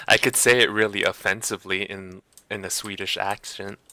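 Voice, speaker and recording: A man's voice: on the low side, fairly even intonation, moderate pace, sharp tone, no room sound. A man streaming live, chatting casually in a hesitant, self-conscious way and laughing at himself. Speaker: livestreamer.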